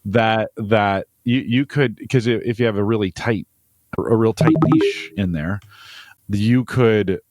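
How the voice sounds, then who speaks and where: A man co-hosting a podcast, giving measured, practical advice and often repeating words as he thinks. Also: lowish voice, a little mellow, no room sound. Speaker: podcast co-host. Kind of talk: casual podcast chat.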